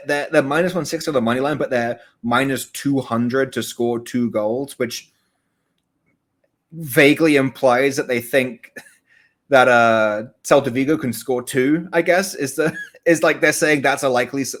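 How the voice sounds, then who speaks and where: A man's voice: medium pitch, normal speed. Rambling, chuckling male podcast co-host. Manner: rambling, self-correcting, laughs often. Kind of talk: casual chat about soccer betting.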